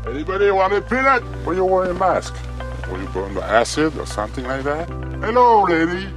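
An actor playing a slow, simple-hearted giant man who speaks in broken English, as a scene from a film. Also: huge pitch swings, music in the background. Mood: simple, friendly. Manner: broken English, rumbling delivery. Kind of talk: film dialogue.

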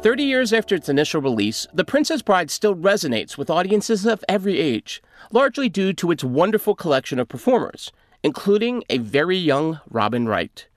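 A man's voice: high-pitched, very animated, fairly quick, no room sound. A man narrating a film featurette in an enthusiastic, gushing way. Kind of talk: scripted narration.

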